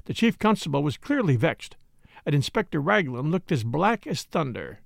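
A man narrating a story in a measured, expressive audiobook reading. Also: fairly high pitch, creaky, dry recording, clean studio sound. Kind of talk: scripted narration.

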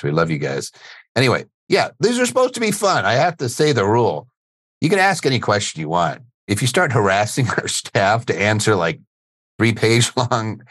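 A man's voice: low-pitched, fairly bright tone, dry recording. A middle-aged man hosting a podcast from a studio, chatting casually, joking and laughing easily as he goes. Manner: jokey, laughs easily, rambling. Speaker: podcast host. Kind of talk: casual live webinar chat.

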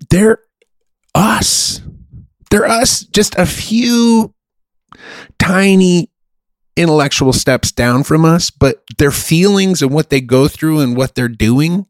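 A man's voice: fairly high pitch, slow, dry recording, studio quality. A man hosting a podcast in casual chat, profane and emphatic, rambling with a playful streak. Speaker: podcast host.

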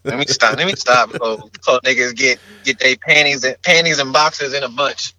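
A man's voice: medium pitch, fairly even intonation, brisk, bright, forceful tone, no echo, rough recording. A man co-hosting a podcast in casual chat, ranting brashly and crudely and joking as he goes. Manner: brash, profane, joking rants. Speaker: podcast co-host.

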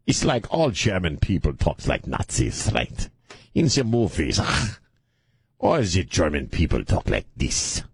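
A middle-aged male radio host with a lowish voice, riffing in loose, provocative banter and breaking into laughter often. The sound is dry and close, with no room around it. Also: wildly swooping pitch, a little slow, husky, no echo. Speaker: radio talk show host.

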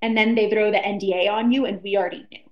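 A woman's voice: medium pitch, fast, lo-fi sound. A young woman from Texas, a reality show guest, telling her story casually and acting out what her friends said. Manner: animated storyteller who acts out quoted friends.

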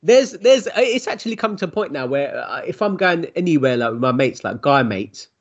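A man chatting casually on a podcast, quick and jokey, on a dull lo-fi recording. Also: a little high, big pitch swings. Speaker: podcast co-host. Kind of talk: casual chat. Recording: dull lo-fi sound.

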